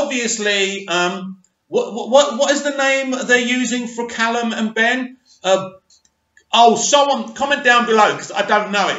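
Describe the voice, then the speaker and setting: A man giving his animated, emphatic opinions on a soap opera in a casual monologue. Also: high voice. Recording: echoey room, dull lo-fi sound.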